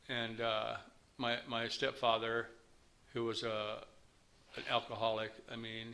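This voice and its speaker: A man's voice: mid-range voice, pushed and bright. A man in his fifties from the United States, telling his personal recovery story to a meeting in a candid, rambling way.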